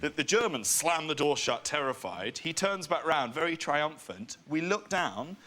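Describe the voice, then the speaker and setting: A man's voice: on the high side, sing-song, normal speed, pushed and bright. A young man, a comedian guest on a talk show, telling stories animatedly and self-mockingly. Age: young adult. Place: TV studio with audience.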